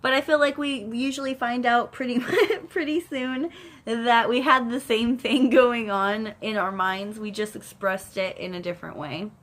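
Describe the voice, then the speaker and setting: A woman chatting casually to camera with her partner, talking in a flowing, expressive way full of metaphors. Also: fairly high pitch, measured pace. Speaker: channel host. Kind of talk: casual couple chat to camera.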